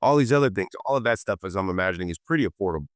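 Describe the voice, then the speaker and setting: A man with a very low voice that still moves a lot in pitch, hosting a relaxed interview. He often stumbles and restarts his questions. The sound is dry and close. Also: very fast, no room sound. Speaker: podcast host. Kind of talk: casual interview chat.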